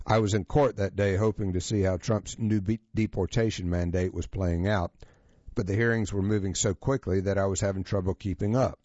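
Man, presenter, measured scripted reading, dry close sound, slightly muffled. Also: low voice, fairly even intonation, a little mellow, no echo. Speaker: presenter reading a feature article. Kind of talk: scripted narration.

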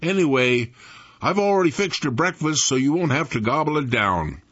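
A man's voice: on the high side, animated, moderate pace, a bit bright, husky, no echo, voice pushed up. An old man voicing a caring, busy farm mother in a raised, coaxing voice. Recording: dull lo-fi recording.

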